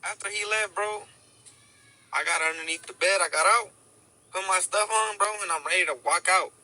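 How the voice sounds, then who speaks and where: A man's voice: high voice, moderate pace, sharp tone, rough recording. A young man on a podcast, telling a story in a profane, slang-heavy casual style.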